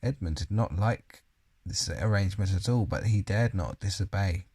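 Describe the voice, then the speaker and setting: A man's voice: sits low, moderate pace, a little mellow, husky. A man reading a children's novel aloud, plainly and with the odd slip and self-correction. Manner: unpolished reading, occasional slips and self-corrections. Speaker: reader.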